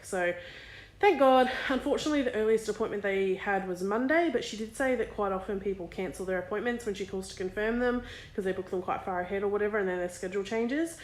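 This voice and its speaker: A woman's voice: mid-range voice, fast, reverberant. Candid woman in her thirties. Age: 30s. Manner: candid, emotional, swears freely. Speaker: vlogger and small business owner. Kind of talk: casual vlog chat.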